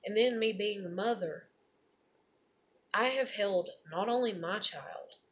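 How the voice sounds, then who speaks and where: A woman's voice: mid-range voice, takes it slowly. A woman in a candid personal monologue, talking in a rambling, confessional, blunt way and swearing often.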